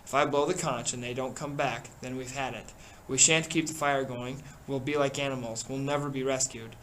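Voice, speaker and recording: A man's voice: mid-range voice, steady tone, moderate pace, a bit bright, a little hiss or hum, natural voice, poor audio. A man voicing an earnest boy leader, urgent and insistent, while reading a novel aloud. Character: boy chief, earnest and desperate.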